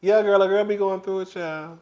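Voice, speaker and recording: A man's voice: high voice, steady tone, brisk, warm tone, dull audio. A man vlogging into his phone, chatting casually and flamboyantly with viewers, calling them girl and child.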